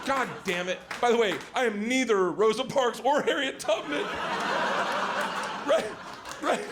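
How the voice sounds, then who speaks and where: A man's voice: very high-pitched, a little slow, heavy background noise. A man telling a profane stand-up story in a rowdy, laughing way. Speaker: stand-up comedian.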